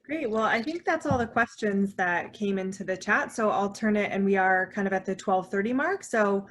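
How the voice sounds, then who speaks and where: A woman moderating an online talk, reading audience questions aloud in a measured way over a video call. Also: mid-range voice.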